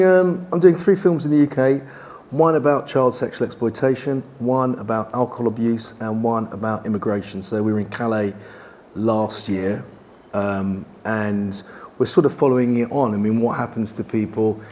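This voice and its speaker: A documentary presenter on a festival panel, speaking earnestly and in a measured way about serious issues. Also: male voice, mid-range voice, fairly even intonation, darkish tone, a little hiss or hum. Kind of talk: casual panel discussion.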